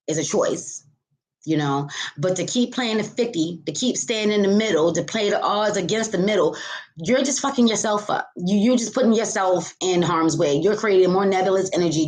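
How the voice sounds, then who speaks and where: Woman tarot reader, casual spiritual pep talk, swears freely, calls viewers baby, mid-pitched voice. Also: normal speed, darkish tone. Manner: candid and profane, calling listeners baby and honey.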